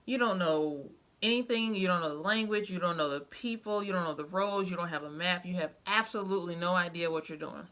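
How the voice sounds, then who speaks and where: Brisk and barely pausing, a young mother vlogs about her family life in a lowish, fairly bright voice. Her heartfelt, emotional storytelling is full of fillers.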